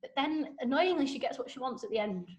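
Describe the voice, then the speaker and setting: Woman, podcast guest, breezy gossipy plot recap, slightly high voice, lots of "like". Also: fast. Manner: chatty, animated retelling with frequent "like". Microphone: podcast microphone.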